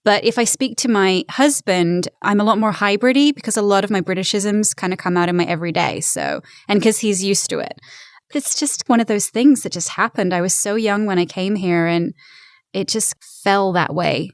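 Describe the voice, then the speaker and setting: An English-born woman in her thirties who speaks with an American accent and talks in a chatty, upbeat way. Her voice sits at a middling pitch. The recording is dry and close, with no room sound. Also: lively intonation, moderate pace, dry recording. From England. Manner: upbeat, laughs easily, chatty. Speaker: guest voice actor. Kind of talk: casual interview chat.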